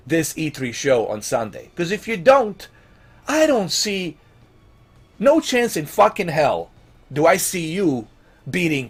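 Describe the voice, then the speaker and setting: A man's voice: fairly high pitch, slightly rough. A man ranting in vlog commentary about games, exasperated and emphatic, swearing and firing off rhetorical questions. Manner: pleading and emphatic. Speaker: gaming vlogger.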